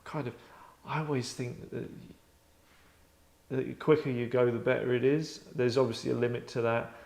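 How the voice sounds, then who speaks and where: A man's voice: mid-range voice, fairly even intonation, normal speed, creaky, a little mellow. A man hosting a casual discussion, chatty and wry, slipping into voices as he talks. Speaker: host. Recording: roomy echo.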